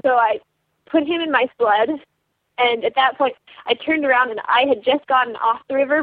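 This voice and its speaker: A teenage girl racing sled dogs, telling her story in an animated way with lots of "like" and quoted thoughts. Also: high voice, no room sound. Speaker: dog sled racer, interview guest. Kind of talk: storytelling over the phone. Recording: tinny phone line.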